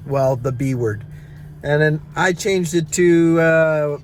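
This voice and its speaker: A man's voice: a little high, slow pace, soft background music. A middle-aged man in back pain, casually telling viewers a rambling, self-mocking story and chuckling at his own jokes. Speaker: vlogger and songwriter.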